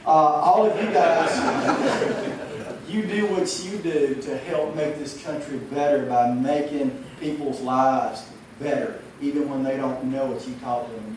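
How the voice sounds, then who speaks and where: A man's voice: fairly high pitch, darkish tone. A man, giving a humorous speech and stuttering, repeating words as he goes. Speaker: motivational speaker. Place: large hall. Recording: echoey hall from far off, noisy.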